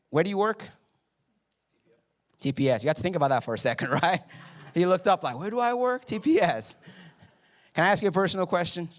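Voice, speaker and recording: High-voiced joking pastor preaching. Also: male voice, a bit bright. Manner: playful, joking with the congregation. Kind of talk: sermon. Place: church auditorium.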